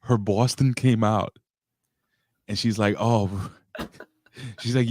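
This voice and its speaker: A man's voice: lowish voice, fairly even intonation, slow, a little mellow. A man co-hosting a podcast, telling stories in a loose, joking way. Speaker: podcast co-host. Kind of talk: casual podcast chat.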